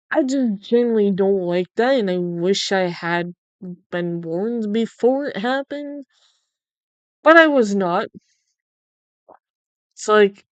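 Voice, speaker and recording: A woman's voice: mid-range voice, clear, resonant tone, no echo. A young woman livestreamer chatting casually, incredulous and swearing freely. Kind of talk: casual chat while drawing.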